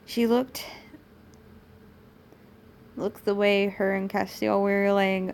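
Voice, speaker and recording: A woman's voice: mid-range voice, flat delivery, slow, long pauses. A young British woman reading fanfiction aloud on a stream, stumbling over the lines and adding sarcastic asides.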